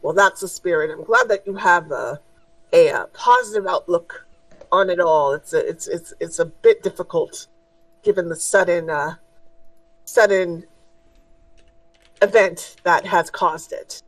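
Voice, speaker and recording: A woman voicing a kind, encouraging male scientist who speaks gently and a little haltingly. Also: on the low side, dry recording, recorded from a distance, low-quality recording. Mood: kindly.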